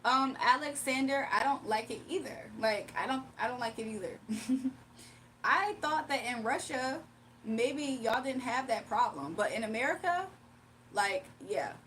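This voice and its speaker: A chatty woman livestreamer talks casually to her viewers, reading their messages aloud and laughing often. Her voice sits fairly high and a little away from the mic, with a faint noise underneath. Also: animated, unhurried, fairly bright tone, recorded from a distance.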